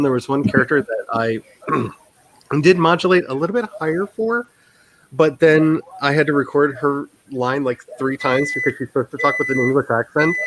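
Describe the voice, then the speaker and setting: A man's voice: mid-range voice, poor audio. A man hosting a casual writing sprint livestream, rambling and self-deprecating and laughing often.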